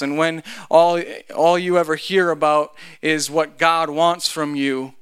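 A man's voice: a little high, fairly bright tone, clean tone. A man pastor, giving a conversational sermon with joking asides.

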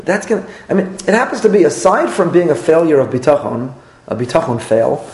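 A man, a rabbi teaching a class, lively and repetitive, acting out little dialogues as he lectures. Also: fairly high pitch, fairly quick. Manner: animated, repeats phrases and acts out little dialogues. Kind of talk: Torah class lecture with audience questions. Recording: roomy echoey room.

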